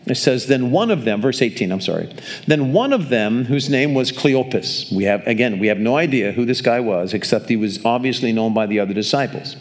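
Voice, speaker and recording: An older pastor gives a sermon to a congregation in church, telling stories conversationally and often restarting and repeating words. His voice is medium-pitched and brisk, with lively intonation.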